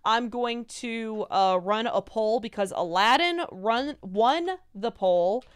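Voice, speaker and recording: A woman's voice: on the high side, expressive, takes it slowly, clear, resonant tone. A woman co-hosting a livestream panel, reading out viewer donations and chatting casually. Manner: upbeat, laughs easily, reads chat messages aloud.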